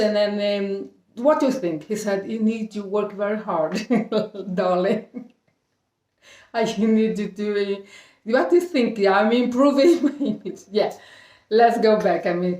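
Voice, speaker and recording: A middle-aged Brazilian woman whose first language is Portuguese, telling a casual story in halting English, restarting often and laughing between phrases. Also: mid-range voice, darkish tone, far from the mic. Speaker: vlogger. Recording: echoey room, voice a bit off-mic.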